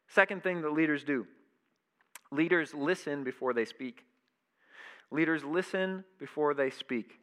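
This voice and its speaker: Bright-voiced man preaching with emphasis. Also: fairly high pitch. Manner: animated, emphatic preaching with repeated phrases. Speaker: pastor. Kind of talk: sermon.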